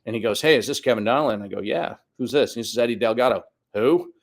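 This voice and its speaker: A man in his fifties tells a long personal story in a relaxed, chatty way. He slips into the voices of the people he quotes and keeps the telling lively. His voice sits at an ordinary middle pitch. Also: quick pace, creaky. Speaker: guest soccer coach. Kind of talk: casual storytelling interview.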